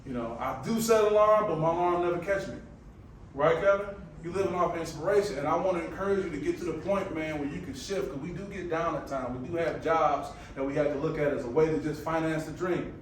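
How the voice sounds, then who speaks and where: A man with a high voice delivers a live motivational presentation, throwing out casual, preacher-like calls to the room. He sounds far from the mic in a very echoey space with faint background noise. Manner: energetic, preacher-like call and response; casual, colloquial phrasing. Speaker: motivational speaker. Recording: very echoey room, picked up from afar.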